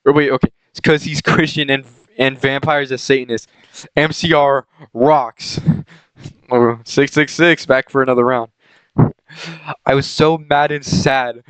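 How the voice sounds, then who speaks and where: A man's voice: medium pitch, fairly even intonation, unhurried, a bit bright, clear, resonant tone, no echo, poor audio. A young man who reads a fan fiction aloud as a comedy bit. He keeps breaking into giggles, stumbles over words and corrects himself. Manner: stumbles and corrects his reading. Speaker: channel host reading fan fiction. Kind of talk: comedic reading aloud with commentary.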